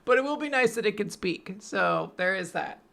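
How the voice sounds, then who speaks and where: A man co-hosting a casual podcast, excitable, laughing often and swearing casually as he talks over comic chapters. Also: high-pitched, normal speed, creaky. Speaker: podcast co-host. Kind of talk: casual chat recapping manga.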